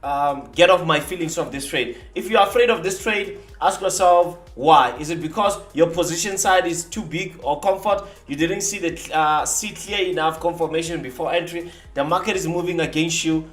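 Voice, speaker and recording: Animated man hosting a trading stream. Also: fairly high pitch, moderate pace, hardly any pauses, reverberant. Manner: animated, boastful, teasing rivals. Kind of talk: live-stream talk demonstrating software.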